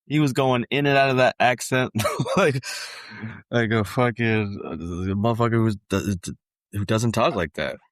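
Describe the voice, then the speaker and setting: A man's voice: mid-range voice, moderate pace, no room sound. A man co-hosting a casual film podcast, swearing freely, using slang and trailing off into fillers. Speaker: podcast co-host.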